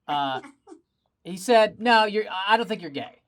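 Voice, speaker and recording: A man doing a stand-up comedy set, telling animated stories with self-deprecating asides, performing remotely over a video call. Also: high-pitched, unhurried.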